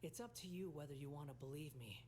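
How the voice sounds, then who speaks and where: A voice actor playing an aloof, sardonic young male puppet-god in a game, speaking in a cool, clipped, soft-spoken way. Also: fairly high pitch, fast, slight background noise, close to an everyday voice. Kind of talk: game cutscene dialogue.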